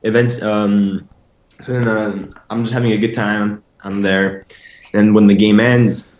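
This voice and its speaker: Young male guest, low-ish voice, rambling casual storyteller, roomy echo. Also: flat delivery, a little slow, a little mellow. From family from Mexico. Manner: rambling, full of "like" and restarts. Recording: echoey room.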